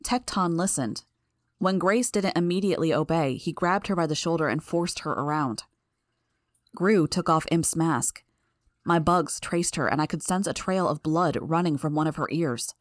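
A woman narrating a first-person audiobook in a steady, measured reading. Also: low voice, no room sound, studio quality.

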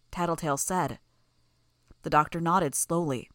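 A woman narrating a fan audiobook in first person, reading in an even, steady way. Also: fairly low pitch, normal speed, no echo, clean studio sound.

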